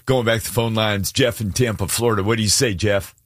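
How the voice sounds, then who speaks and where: Low-pitched man hosting a faith call-in radio show. His voice sits deep and dry, close to the mic with no room sound. He greets callers and encourages them. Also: fairly even intonation, fast, no room sound. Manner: warm, encouraging, affirming callers. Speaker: radio host.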